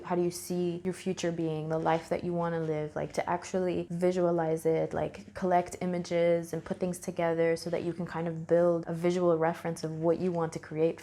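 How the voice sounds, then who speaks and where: A woman's voice: fairly low pitch, mellow. Candid rambling young woman vlogger. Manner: candid, rambling, laughs often, self-correcting. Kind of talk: casual reflective talk to camera.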